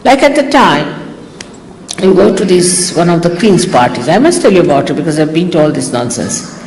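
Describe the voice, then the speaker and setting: A woman's voice: fairly low pitch, moderate pace. An older woman with an Indian accent gives an informal, teasing talk to her followers as a spiritual teacher, acting out little exchanges as she goes. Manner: teasing, animated, acts out quoted exchanges. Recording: echoey hall, faint hiss, old archive tape.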